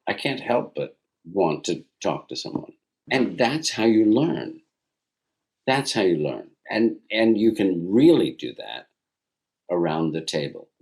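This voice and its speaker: A man in his sixties, a guest in a casual interview, telling stories in an animated way and acting out bits of dialogue. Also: low voice. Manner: animated storyteller who acts out dialogue.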